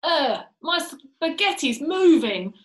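A woman's voice: high-pitched, sing-song, takes it slowly, voice pushed up, exaggerated voice. Woman doing a mean old trickster man. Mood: disgusted. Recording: roomy echo.

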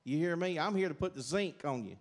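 A man's voice: a little high, expressive, brisk. Folksy Southern man giving church testimony. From South Carolina, USA. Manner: rambling, folksy, many fillers and restarts. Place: church sanctuary.

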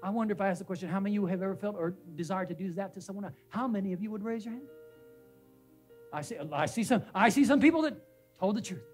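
A male pastor preaches a sermon in a church sanctuary, speaking fast in a high voice with faint music in the background. He repeats names and phrases for emphasis and puts questions to the congregation.

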